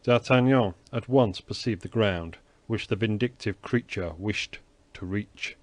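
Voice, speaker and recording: A man narrating a classic novel as an audiobook in a measured, even way. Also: fairly low pitch, no echo. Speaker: audiobook reader. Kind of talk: scripted narration.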